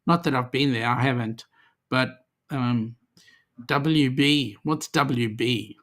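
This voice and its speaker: A man's voice: medium pitch, slow pace, fairly bright tone. Easygoing Australian man reading chat. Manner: chatty and easygoing, with many ums and slang. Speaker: livestream host. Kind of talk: casual livestream chat, reading viewer comments aloud.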